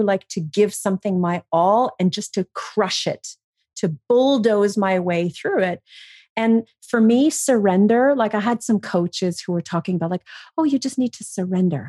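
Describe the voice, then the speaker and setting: A woman's voice: mid-range voice, normal speed, slightly rough, no echo, clean studio sound. A woman guest telling her story frankly in an interview, swearing freely and acting out her own past thoughts. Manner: frank, profane, animated when quoting herself. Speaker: podcast guest.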